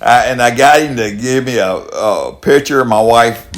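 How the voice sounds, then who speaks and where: A man's voice: medium pitch, moderate pace, a little hiss or hum. An older man with a Kentucky accent, hosting a casual podcast and telling long, rambling stories in a folksy way. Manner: rambling, repeats himself, folksy. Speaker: podcast host. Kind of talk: casual storytelling chat.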